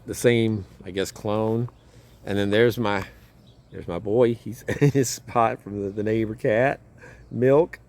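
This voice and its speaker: Speaking slowly in a fairly low voice, a man who vlogs about home gardening chats outside in his garden. He rambles and chuckles, often breaking into his own sentences in a laid-back manner.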